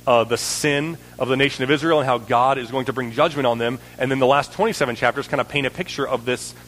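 A man's voice: medium pitch, quick pace, a bit bright, slight background noise. Earnest male preacher in a reverberant hall. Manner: earnest, building in intensity, frequent "right?" checks. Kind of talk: sermon.

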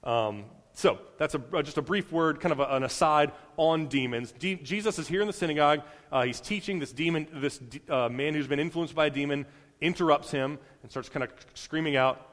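A man's voice: medium pitch, brisk, a bit bright. A young man preaching a casual sermon, talking loosely with fillers and restarts and acting out quotes. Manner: conversational, many fillers and restarts, acts out quotes. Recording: long reverb of a large hall.

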